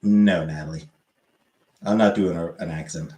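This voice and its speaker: Male streamer, low voice, rambling casual delivery full of self-corrections, recorded in a roomy space. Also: fairly even intonation, normal speed, dark tone. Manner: meandering, corrects himself mid-sentence. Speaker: livestream host answering chat. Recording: roomy echoey room.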